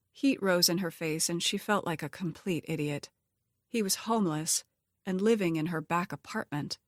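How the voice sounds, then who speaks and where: A woman narrating a romance audiobook in a steady, even storytelling manner. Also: fairly low pitch, moderate pace, dry recording, studio quality. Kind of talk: scripted narration.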